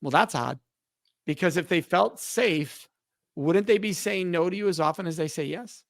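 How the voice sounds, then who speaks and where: A man's voice: sits high, moderate pace, creaky, no echo. Man, middle-aged, emphatic, acts out dialogue, podcast guest, dry close mic. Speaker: podcast guest, speaker on respect. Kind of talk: animated explanatory conversation.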